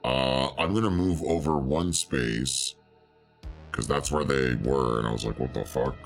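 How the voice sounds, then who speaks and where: A man's voice: measured pace, soft background music, exaggerated voice. A man playing a brash male demon barbarian through a demon voice filter, talking casually and swearing. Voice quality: gravelly, very deep. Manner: casual gamer talk, swears freely. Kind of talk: playing a tabletop game online.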